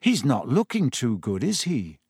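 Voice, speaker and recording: A man's voice: mid-range voice, wildly swooping pitch, a little slow, darkish tone, husky, no echo, studio quality, full character voice. Guy reading as a level-headed teen wizard kid, plain and wondering, storybook. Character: teenage boy wizard, puzzled, level-headed.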